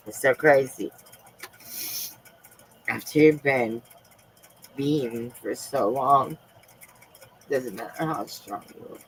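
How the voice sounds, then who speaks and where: A woman live streaming from home, talking in a soft, halting, confiding way with frequent pauses. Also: rumbling low, slight background noise, poor audio. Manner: emotional and confiding. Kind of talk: casual live-stream chat.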